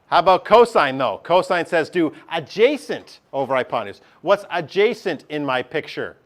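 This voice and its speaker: A man's voice: a little high, animated, normal speed. A male teacher, giving a chatty classroom lesson and often checking in with his class.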